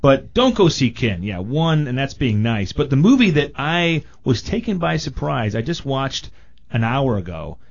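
A man's voice: medium pitch, very animated, moderate pace, vocal fry, lo-fi sound. A man reviewing movies in casual radio chat, blunt and jokey.

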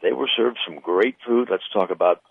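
Male car dealer guest, very low and husky, enthusiastic, teasing, stumbles over repeated words. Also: normal speed, no echo, narrow, tinny audio. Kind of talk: casual radio chat.

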